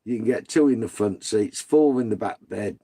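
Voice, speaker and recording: Man, British accent, gravelly dark voice, sweary and blunt, casual live-stream chat. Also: on the low side, normal speed. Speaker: livestream host reading viewer comments.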